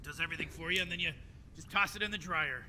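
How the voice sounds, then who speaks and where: Rick, a smug old scientist. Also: male voice, a little high, fast talker, bright, forceful tone, big-room sound, slight background noise. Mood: instructing. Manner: rambling, offhand explaining. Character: old male mad scientist, smug and scheming. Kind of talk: video game character dialogue.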